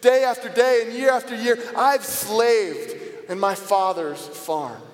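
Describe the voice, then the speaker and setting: A man with a high-pitched voice delivers a dramatic first-person biblical monologue at an unhurried pace. His manner is theatrical, moving between sarcasm and quiet reflection. The sound is roomy, with a long reverb from a large hall.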